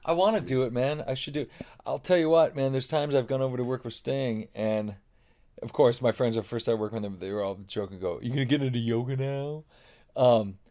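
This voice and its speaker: A man's voice: mid-range voice, a little fast, dark tone. A middle-aged man chatting as a podcast guest, rambling and cursing freely while telling self-deprecating stories. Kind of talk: casual chat.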